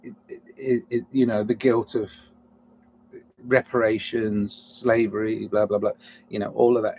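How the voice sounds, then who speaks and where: A man's voice: lowish voice, little pitch movement, a little slow, darkish tone. Rambling musing man, self-interrupting. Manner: digressive, restarts mid-thought, swings between musing and heated outbursts; self-mocking apologetic asides. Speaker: solo podcaster. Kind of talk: rambling reflective monologue.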